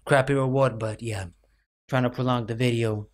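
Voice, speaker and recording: A man's voice: medium pitch, fairly even intonation, moderate pace, a little hiss or hum. Young male gaming vlogger, mid-range voice with cracks, rambling self-mocking delivery, lots of fillers. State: voice cracking late at night. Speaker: gaming YouTuber. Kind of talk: rambling gameplay commentary.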